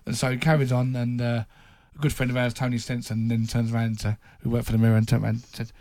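A man's voice: medium pitch, flat delivery, fast talker, few pauses, a little mellow, no echo. Man, football journalist, chatty anecdotes, dry close sound. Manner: anecdotal, laughs at his own impressions. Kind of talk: casual storytelling chat.

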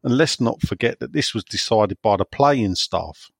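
A man's voice: fairly low pitch, animated, normal speed, creaky, no room sound. A man hosting a casual podcast, joking around and reading listener questions aloud. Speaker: podcast host.

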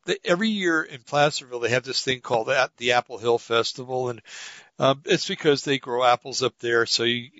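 A man's voice: medium pitch, sharp tone, dry recording. Talk-show co-host, male, tense edgy voice, chatty storyteller, dry close mic. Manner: rambling storyteller, many fillers and restarts. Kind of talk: casual political talk. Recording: dull lo-fi audio.

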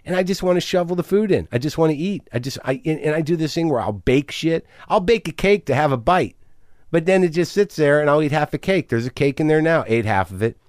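A man's voice: a little high, animated, fairly quick, darkish tone, no echo, studio quality. A middle-aged man hosting a podcast, talking in a manic, rambling, profane confessional monologue. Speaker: podcast host.

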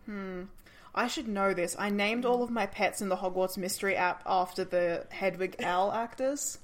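A woman's voice: medium pitch, steady tone, moderate pace. Enthusiastic woman chatting casually. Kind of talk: casual chat.

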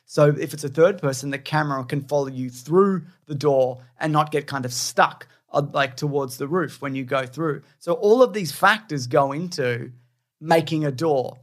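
A man's voice: fairly high pitch, a bit bright. A man co-hosting a podcast in casual chat, rambling and teasing as he recommends things with enthusiasm. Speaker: podcast co-host.

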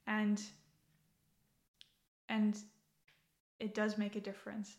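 A young woman appears as a podcast guest, chatting casually and thoughtfully in a slow, completely flat, darkish mid-range voice, often repeating herself and laughing easily. The recording is muffled and echoey.

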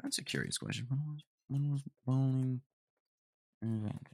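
A young adult man hosts a casual solo podcast from a room at home with roommates nearby, speaking at normal speed in a mid-range, slightly mellow voice. He rambles through slangy, mock-indignant asides, saying "dude" over and over. The recording is dry and studio quality.

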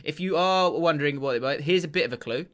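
A man's voice: on the high side, fast, fairly bright tone. A man co-hosting a casual football podcast, chatty, laughing often and restarting his sentences. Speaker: podcast co-host.

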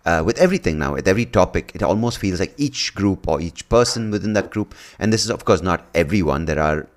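A man hosting an interview who talks in an animated way, laughs often and restarts his sentences. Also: sits low, fast. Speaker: podcast host. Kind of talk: conversational interview.

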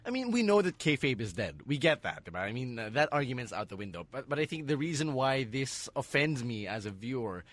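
A man's voice: medium pitch, big pitch swings, a little fast, few pauses, fairly bright tone. A man co-hosting a casual wrestling podcast, blunt and free with swear words. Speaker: podcast co-host.

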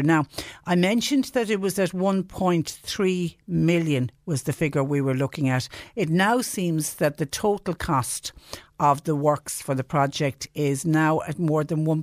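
A man's voice: a little high, dry recording, studio quality. A man with an Irish accent hosting a radio phone-in show, talking in a chatty, indignant way and firing off rhetorical questions. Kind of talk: radio talk show monologue. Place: radio studio.

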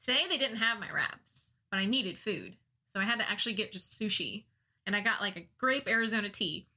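Bright-voiced young woman telling a funny story. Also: mid-range voice, brisk. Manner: laughs often while telling a funny story; self-mocking and animated. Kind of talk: casual storytelling.

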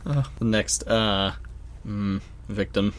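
A man co-hosting a podcast in a relaxed, casual chat, laughing often and swearing now and then. His voice sits on the lower side. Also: takes it slowly. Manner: laid-back, laughing, swearing. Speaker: podcast co-host.

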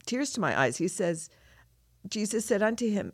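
A woman's voice: medium pitch, very animated, moderate pace, slightly rough, dry recording, studio quality. A woman co-hosting a scripture lesson, talking through a passage in an earnest, heartfelt way. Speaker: podcast co-host teaching scripture. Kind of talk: reflective scripture discussion.

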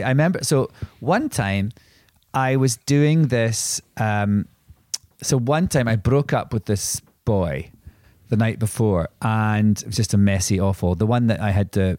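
A podcast co-host with a low-ish, slightly mellow voice tells rambling anecdotes in casual conversation, full of restarts and asides. The recording is dry and of studio quality.

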